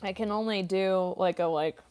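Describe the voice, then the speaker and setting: A woman's voice: medium pitch, normal speed, darkish tone, smooth. A young woman voice actress chatting casually on a livestream, reading chat aloud with lots of ums and likes while snacking on chips. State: eating chips while talking.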